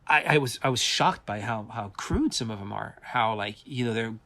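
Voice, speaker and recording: French man telling an animated story. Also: lowish voice, moderate pace. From France. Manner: animated storyteller, acts out quoted voices, many restarts. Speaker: visual effects artist guest. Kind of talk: casual storytelling interview.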